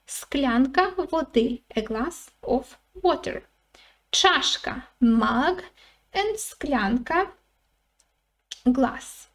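Slow high-voiced woman teaching vocabulary. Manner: repeats each word slowly, with many "uh"s. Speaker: language teacher. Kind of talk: vocabulary lesson.

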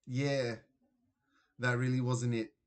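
A man's voice: medium pitch, flat delivery, slow pace, natural voice. A man voicing a flustered young boy caught in a fib, in a children's storybook reading. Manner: hesitant, flustered.

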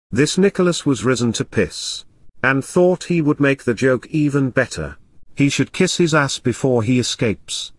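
A man narrates a classic tale in a measured storytelling manner. His pitch moves lively up and down. The recording is dry and close, with no room echo. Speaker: audiobook narrator.

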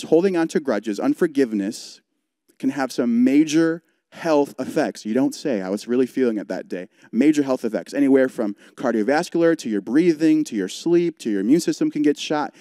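A man's voice: mid-range voice, warm tone, no room sound, clean studio sound. A young man, a youth pastor, preaching an earnest, conversational sermon through a personal story, with frequent "like" fillers. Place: church service broadcast.

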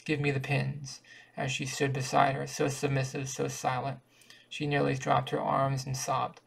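Gravelly man reading a story flatly. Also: medium pitch, moderate pace. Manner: even, careful reading with small stumbles. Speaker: reader. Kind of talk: reading a short story aloud.

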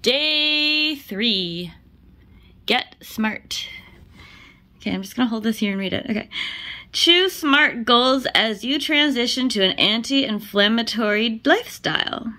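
A woman's voice: on the high side, lively intonation, a little slow, pushed and bright. A woman vlogging at home, chatting to the camera as she moves between rooms, laughing often and poking fun at herself. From Canada. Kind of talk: casual vlog chat to camera.

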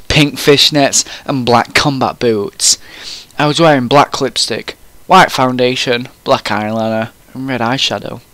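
A man's voice: mid-range voice, fairly bright tone, no room sound. A man reading a fan story aloud in a comic, mock-serious way, often breaking into laughter.

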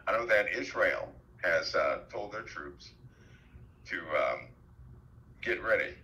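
A man speaking on a headset as a guest on a talk show, halting, with many fillers and restarts. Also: low-pitched, big pitch swings, sharp tone, dull audio. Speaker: guest commentator. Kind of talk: call-in talk show chat.

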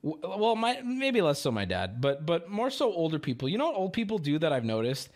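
Ranting, high-pitched, swinging male streamer. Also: huge pitch swings, brisk. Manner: profane, ranting and sarcastic, trails into rambling stories. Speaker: livestream host. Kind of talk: casual rambling chat to a live audience.

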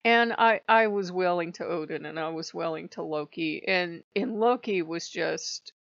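Woman with a gravelly voice, rambling. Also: lowish voice, measured pace, a bit bright, dry recording, dull audio. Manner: rambling, frank, swears often. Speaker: spiritual channel host. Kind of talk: emotional personal vlog.

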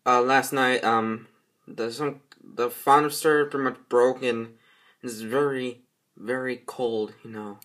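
A hobby performer voicing chatty little yellow creature workers in an amateur toy role-play, rambling and giggly. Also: medium pitch, fairly even intonation, slow pace. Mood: worried.

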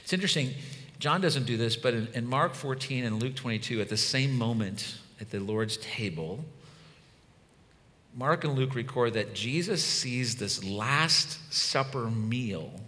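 A man in his fifties preaching a conversational sermon, swinging from loud emphasis to hushed, soft lines. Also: mid-range voice, expressive, unhurried. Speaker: pastor. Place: church hall. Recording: long hall reverb.

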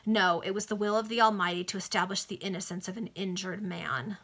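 A woman's voice: mid-range voice, steady tone, fairly quick, fairly bright tone. A woman reading the part of an earnest young man who speaks in a solemn, impassioned way.

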